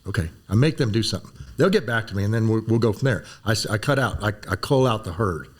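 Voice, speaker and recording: Fast-talking older man telling war stories. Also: fairly low pitch. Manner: animated storyteller, acts out voices. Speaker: guest, former Green Beret physician. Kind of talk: storytelling in a conversation.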